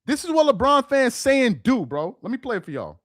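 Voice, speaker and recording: Worked-up guy going off about basketball fans, high voice jumping all over, dead dry room, aave slang. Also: big pitch swings, fairly quick, dry recording. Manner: heated, mocking, repetitive rhetorical questions. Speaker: sports commentary host. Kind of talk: casual ranting commentary.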